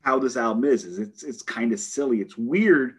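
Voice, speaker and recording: A man from the United States co-hosting a music podcast, talking in an animated, emphatic and joking way. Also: medium pitch, moderate pace, breathy edge. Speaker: podcast co-host. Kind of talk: casual podcast chat.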